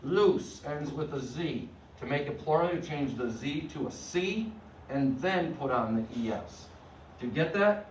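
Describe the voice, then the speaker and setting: A man's voice: on the high side, animated, unhurried, slight background noise. A man teaching a Spanish class, explaining grammar step by step and often checking that students follow. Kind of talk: classroom lecture. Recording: echoey room, mic at a distance.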